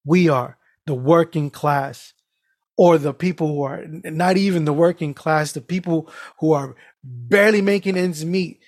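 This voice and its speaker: A man on a casual podcast, telling animated stories with lots of swearing and laughter. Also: a little high, unhurried, no echo, clean studio sound. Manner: animated storytelling, heavy swearing, frequent laughs. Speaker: podcast co-host.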